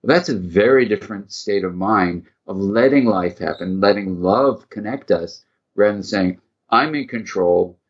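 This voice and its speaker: A man's voice: on the low side, moderate pace, highs cut off. A middle-aged man, a psychiatrist guest in an interview, speaking in an earnest, reflective way and acting out quoted dialogue as he tells a story.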